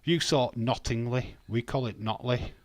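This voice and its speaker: A man's voice: mid-range voice, moderate pace, no echo. A man hosting a live stream, chatting casually with viewers, teasing them and chuckling as he reads out their comments. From England. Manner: teasing, chuckling, banters with chat, muses aloud.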